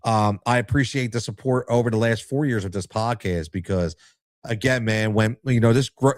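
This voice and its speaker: Guy hosting his podcast, gets worked up, keeps saying "man" and "right", average pitch. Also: no room sound, clean studio sound. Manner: emotional, excitable, fills with "man" and "right?". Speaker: podcast host. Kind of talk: casual storytelling to listeners.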